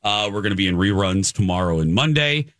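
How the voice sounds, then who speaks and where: A man's voice: sits low, lively intonation, brisk, fairly bright tone, no room sound, clean studio sound. A male radio talk show host chatting casually on air, telling stories and laughing easily. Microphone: studio microphone.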